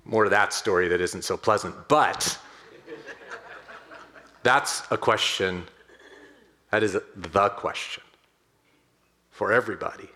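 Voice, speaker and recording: Pastor, man, chatty sermon, drops soft then lifts up excited, talks right to the church. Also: low voice, takes it slowly, long pauses. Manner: conversational, animated, swings between hushed and excited; addresses the congregation directly.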